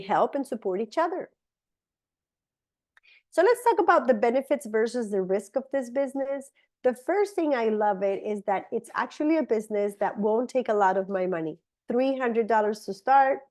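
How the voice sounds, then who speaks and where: A woman's voice: a little high, a little mellow. A woman gives an enthusiastic, persuasive business opportunity presentation in a conversational tone. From Colombia. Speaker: network marketing presenter.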